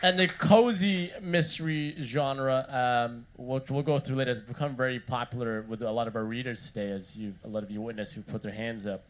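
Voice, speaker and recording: A man moderates an author's question session in front of a live audience. He feels his way into each question, pausing on fillers and restarting his phrases. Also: medium pitch, slight background noise. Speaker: event moderator. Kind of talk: interview questions. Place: live Q&A event before an audience.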